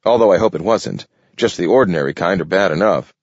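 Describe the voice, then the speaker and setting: A man's voice: husky, dry recording. A man doing Archie, a whiny pleading raccoon. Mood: grumbling. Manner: fast, pleading, rising pitch. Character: fretful hunted male raccoon, whiny and pleading. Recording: dull lo-fi dry recording.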